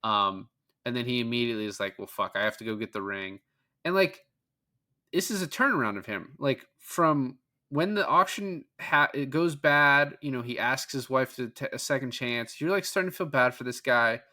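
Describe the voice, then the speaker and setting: A man's voice: medium pitch, animated, moderate pace, pushed and bright. A man co-hosting a podcast, recapping a film scene by scene in loose, profane, casual chat. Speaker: podcast co-host.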